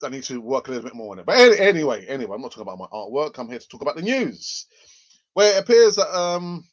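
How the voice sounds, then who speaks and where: A man's voice: mid-range voice, sing-song, fast. A man hosting a live football news stream, chatty and rambling with sarcastic asides. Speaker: football channel host. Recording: dull lo-fi stream audio.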